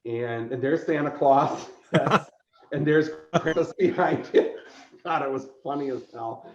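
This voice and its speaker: A man, a convention organizer appearing as a podcast guest, telling an animated story, laughing often and acting out quotes. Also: on the high side, unhurried. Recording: roomy echo, dull lo-fi sound.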